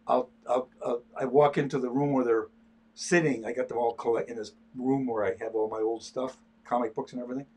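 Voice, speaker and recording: An older male artist chats casually on a livestream while sketching, his medium-pitched voice slightly rough. He talks in a stop-start way, repeating words often.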